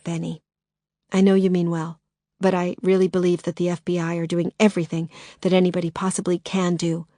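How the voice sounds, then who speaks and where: A woman's voice: on the low side, level tone, fairly quick, mellow, dry recording, studio quality, close to an everyday voice. A woman voicing a worried mother in a storybook, restrained and firm.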